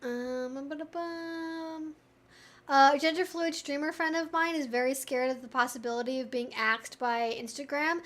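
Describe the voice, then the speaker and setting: A young woman with a high, light voice hosts a relaxed live-stream Q&A from home. She talks in a chatty, candid way and fills her sentences with "like.". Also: normal speed, hardly any pauses. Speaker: live-stream host answering viewer questions. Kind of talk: casual live-stream Q&A chat.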